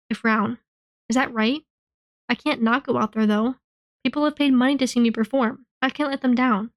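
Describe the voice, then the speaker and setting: A woman reading a novel aloud in the first person, telling the story in an expressive, earnest way. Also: fairly high pitch, moderate pace. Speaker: reader.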